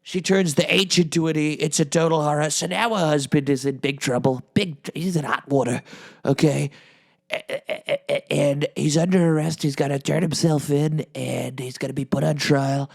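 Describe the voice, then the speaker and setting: A man's voice: on the high side, vocal fry. A man doing a comedic impression of a boastful former president hosting a podcast, rambling and repeating himself.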